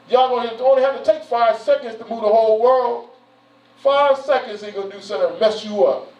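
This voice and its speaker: A man's fairly high, slightly mellow voice carries through a church hall as he speaks like a church elder, informal and folksy, saying "you know" and "man" a lot and going over the same points. The sound is roomy, far-off, and dull.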